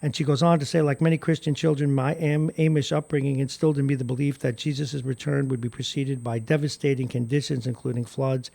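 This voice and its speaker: A man's voice: medium pitch, flat delivery, fairly quick, creaky, hardly any pauses, warm tone. A middle-aged man hosting a morning radio talk show, delivering an indignant, sarcastic monologue and chuckling at his own jokes. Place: radio studio. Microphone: studio microphone.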